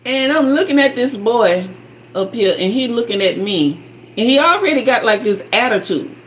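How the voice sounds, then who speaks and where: Animated, sassy woman telling a story. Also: fairly high pitch, normal speed, slight background noise, poor audio. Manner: animated, sassy, acts out sound effects and quotes. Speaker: spiritual guide and channel host. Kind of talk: personal storytelling.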